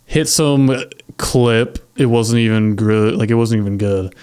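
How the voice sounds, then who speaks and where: A man's voice: medium pitch, a little slow, darkish tone, smooth. A man chatting casually on a podcast as a YouTuber guest, easygoing and joking.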